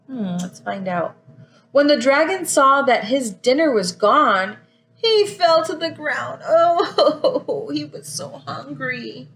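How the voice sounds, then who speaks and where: A woman teacher reading a picture book aloud to young children, gasping often and pausing to ask them questions. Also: high-pitched, a little hiss or hum, rough recording. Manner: expressive, frequent gasps, asks listeners questions.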